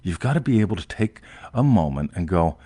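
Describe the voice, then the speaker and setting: A man's voice: low voice, very animated, brisk, mellow, breathy edge, no echo. A man hosting a casual chat, rambling and emphatic, often tagging "right?" and swearing offhandedly. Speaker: host.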